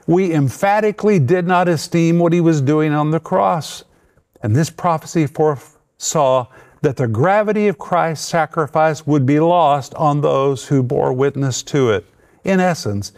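A man teaching a sermon, explaining words with measured, emphatic delivery. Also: fairly high pitch, darkish tone. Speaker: Bible teacher.

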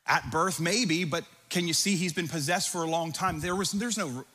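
A pastor preaching a sermon, reading scripture aloud with dramatic emphasis and breaking into conversational asides. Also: male voice, a little high, moderate pace, bright, forceful tone, husky. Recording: long hall reverb.

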